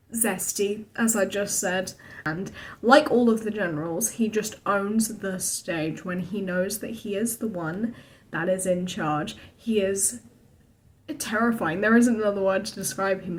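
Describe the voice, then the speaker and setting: A young woman vlogging casually about a theatre trip, excitable and rambling, filming herself on a phone. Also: mid-range voice. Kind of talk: casual chat to camera. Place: theatre auditorium and lobby. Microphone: phone held for self-filming.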